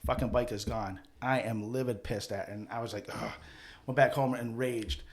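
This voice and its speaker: A man's voice: mid-range voice, fairly even intonation, normal speed. A man from a Mohawk community telling a rambling, profane childhood story on a podcast, acting out the people in it. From Akwesasne Mohawk community. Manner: rambling, profane, jokey anecdotes with acted-out quotes. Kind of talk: casual storytelling chat.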